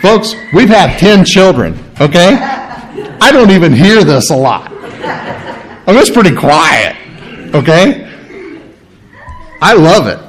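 A man preaching a sermon in church, animated and emphatic, stopping to explain Greek words. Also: sits high, slow pace, pauses often. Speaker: pastor.

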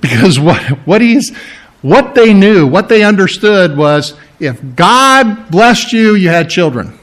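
A man delivers a sermon in a voice sitting a bit high for a man. He acts out quotes with sudden swings in loudness and pitch. He restarts his sentences often and keeps clearing his throat. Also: sing-song, slow pace. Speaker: preacher.

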